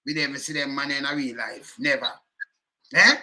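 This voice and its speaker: A man's voice: mid-range voice, fairly even intonation, moderate pace, pushed and bright. A Jamaican man giving heated, emphatic commentary in patois, repeating himself and cursing often.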